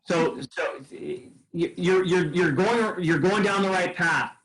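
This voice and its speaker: A man leading a sales training session, coaching trainees through role-play with quick asides and repeated false starts. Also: high-pitched, fairly bright tone, poor audio.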